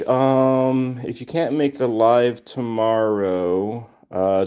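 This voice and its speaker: A livestream host with a fairly low, slightly mellow voice keeps things casual, reading chat names aloud to greet viewers. He also answers questions from the chat.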